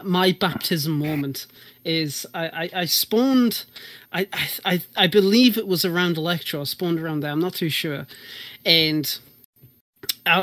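A man's voice: high-pitched, bright, forceful tone, no room sound. A man telling a long story in casual chat, rambling with many restarts and casual swearing.

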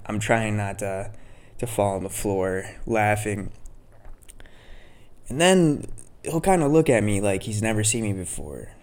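A man's voice: fairly low pitch, clean tone. A man hosting a podcast, telling stories in a laid-back, rambling way with casual swearing. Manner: laid-back, profane, storytelling. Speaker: podcast host.

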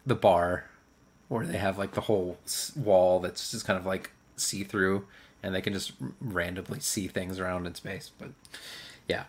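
A man's voice: deep voice, fairly even intonation, normal speed, husky. A man in casual chat, recapping an episode in a rambling way full of fillers.

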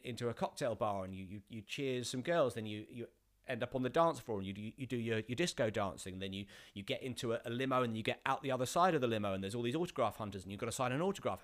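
Rambling man telling a story. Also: medium pitch. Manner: rambling with many restarts, rising to animated outbursts. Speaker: actor. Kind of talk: casual anecdote on a podcast.

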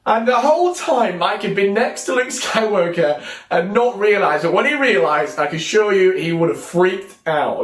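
A man hosting an online church talk, chatty and animated, with joking asides before a devotional message. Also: high-pitched, roomy sound.

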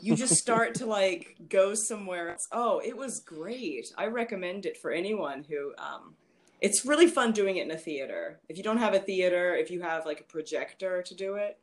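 A woman chatting casually on a podcast, telling an animated story with little sung bits and chuckles. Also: fairly low pitch, normal speed. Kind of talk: casual chat.

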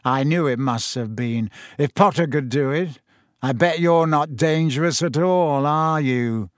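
A man voicing an arrogant, cowardly schoolboy who speaks in a slow, sneering drawl. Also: no room sound, clean studio sound, close to an everyday voice. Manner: slow drawl, high shrieks when hurt.

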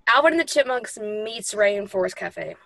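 A woman's voice: mid-range voice, expressive, normal speed, vocal fry, fairly bright tone, no room sound. A young woman co-hosting a podcast, bantering playfully. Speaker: podcast co-host. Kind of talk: casual podcast chat.

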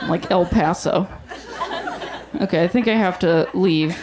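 A woman in her thirties hosting a live show and doing stand-up, telling stories in an animated way and laughing through her lines. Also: fairly low pitch, a little slow. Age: 30s. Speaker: host and stand-up comedian. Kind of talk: live stand-up comedy set. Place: comedy stage before a live audience. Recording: loud background noise from the room. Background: audience laughter.

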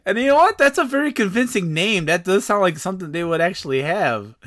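Lively, bright-voiced podcast host. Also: male voice, high-pitched, brisk, no room sound, clean studio sound. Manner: expressive, swears freely, exclaims often. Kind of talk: casual chat.

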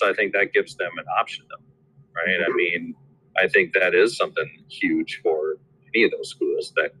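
Man from South Dakota, low bright voice, hesitant casual chat. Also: rough recording. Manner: hesitant, many fillers. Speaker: teacher.

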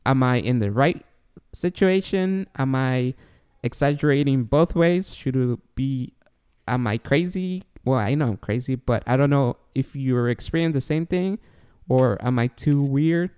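A man's voice: mid-range voice, lively intonation, a little slow, darkish tone, clear, resonant tone. A man co-hosting a podcast, chatting casually and acting out his own reactions as he tells a story. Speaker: podcast co-host. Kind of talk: casual chat.

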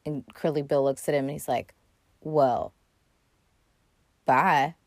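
A woman's voice: rumbling low, flat delivery, fast, dark tone, no room sound, studio quality. A woman hosting a podcast, casually recapping a movie in a chatty, sarcastic way with lots of swearing and fillers. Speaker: podcast host.

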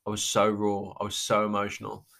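A man speaks in a low, slightly deep voice. He talks slowly through a personal story, restarting sentences and trailing off. He sounds close to tears. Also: completely flat delivery, gravelly, a bit bright. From England. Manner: halting, with many restarts and trailing pauses. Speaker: podcast host. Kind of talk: reflective personal monologue.

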